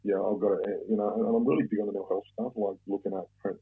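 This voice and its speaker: Gravelly Australian man in his fifties. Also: lowish voice, fairly even intonation, fast talker. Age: 50s. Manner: blunt, swears often, rambling with many restarts. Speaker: podcast guest. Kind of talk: casual conversation. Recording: tinny phone-like sound.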